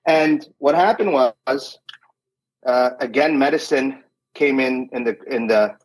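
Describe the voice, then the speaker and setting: Male guest, husky mid-range voice, lively storyteller who voices the people he quotes and stumbles into restarts. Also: mid-range voice, slow, low-quality recording. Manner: animated anecdotes, acts out quoted dialogue; frequent restarts and repeated words. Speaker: guest, doctor and wine importer. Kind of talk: conversational storytelling.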